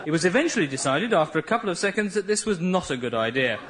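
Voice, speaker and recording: A presenter reads a scripted comic announcement in a dry, deadpan way. His voice sits high, over a noisy background. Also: quick pace, crowd noise. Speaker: radio comedy presenter.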